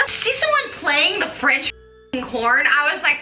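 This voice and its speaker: A woman hosting a show, gushing and rambling excitedly in casual chat, with lots of fillers. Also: high voice, moderate pace, reverberant, slight background noise. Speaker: host. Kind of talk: casual recap talk.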